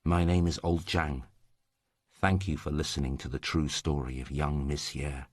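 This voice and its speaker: An old male storyteller declaims with earnest sorrow, as a man reads him aloud in a storybook. His voice is extremely deep and sits close and dry on the mic, with sayings delivered half-sung. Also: steady tone, normal speed, husky, no echo. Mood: lamenting.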